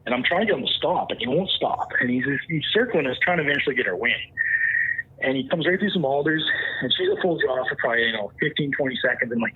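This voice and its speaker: A man tells a hunting story on a podcast, acting out the dialogue with animated energy. His voice is breathy and husky. The sound is thin and phone-like, as if heard over a line. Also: medium pitch, quick pace. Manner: animated, re-enacts dialogue and moose calls. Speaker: podcast guest, hunter. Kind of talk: casual storytelling.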